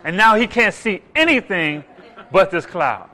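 A man preaching a sermon, animated, acting out voices and rising loud for emphasis. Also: high-pitched, unhurried.

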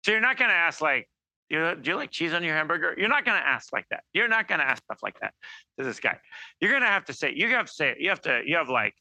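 A man giving an informal sermon, animated and acting out quoted voices, with many restarts. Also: fairly high pitch, quick pace, dry recording. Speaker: preacher.

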